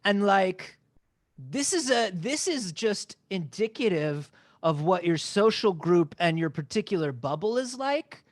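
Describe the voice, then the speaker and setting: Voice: medium pitch, very animated, a little slow, no room sound. A player at a tabletop game who rambles, swears and talks casually.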